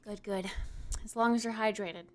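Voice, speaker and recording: A woman's voice: medium pitch, fairly even intonation, normal speed, soft background music. A young adult woman livestreamer in casual live-stream chat, talking straight to her viewers and cheering them on.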